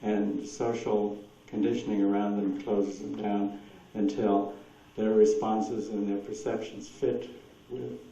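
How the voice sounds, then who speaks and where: A man's voice: fairly low pitch, little pitch movement, takes it slowly, few pauses, dark tone. A man speaking at a talk, telling rambling stories and answering audience questions with frequent laughter. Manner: rambling anecdotal storyteller, laughs often. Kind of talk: lecture with audience Q&A. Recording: distant echoey room, dull lo-fi with hiss.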